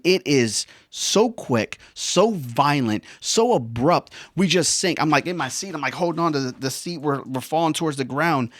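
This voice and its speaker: A man's voice: a little high, fairly bright tone, no room sound, clean studio sound. A veteran man telling a personal story in a casual, slangy way, often saying bro and man. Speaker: veteran vlogger.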